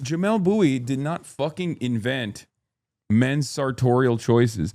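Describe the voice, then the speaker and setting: A man's voice: mid-range voice, normal speed, a little mellow, dry recording. A man in his thirties chatting casually on a livestream, blunt and profane, ranting at his chat. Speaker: streamer.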